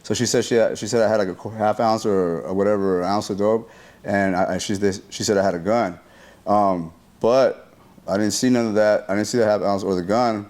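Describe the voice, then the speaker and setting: A man's voice: on the low side, a little fast. Slangy man telling a story, sound effects and all. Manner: slangy, profane talk full of sound effects; animated retelling that acts out what people said. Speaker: interview guest telling a story. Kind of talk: casual storytelling interview.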